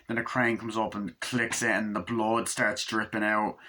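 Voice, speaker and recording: A man's voice: lowish voice, flat delivery, normal speed, bright, forceful tone. A man giving a rambling, enthusiastic casual movie review, swearing freely as he walks through the scenes.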